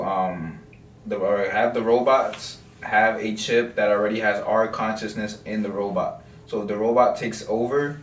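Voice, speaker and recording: A young man co-hosting a casual podcast chat with friends, slangy and hesitant with lots of ums. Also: lowish voice. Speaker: podcast co-host. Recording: echoey room, mic at a distance, faint noise.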